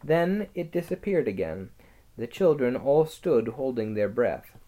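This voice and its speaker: An audiobook narrator reading a children's story in a lively, expressive manner. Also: medium pitch, a little slow. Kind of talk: scripted narration.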